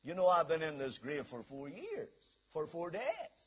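A man voicing a man raised from the dead who has grown comfortable in his grave, speaking in a slow, low, resigned drawl. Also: wildly swooping pitch, slightly rough, heavily acted. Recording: dull, muffled lo-fi sound.

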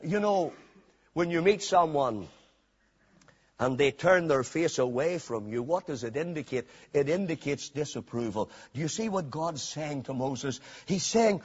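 A high, husky male voice preaches with fervour, dropping to a hush and then rising to a shout on repeated phrases. The recording is dull and lo-fi. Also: expressive, moderate pace. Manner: fervent, swings from hushed to shouted emphasis; repeats phrases for emphasis, old-fashioned scripture wording. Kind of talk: sermon.

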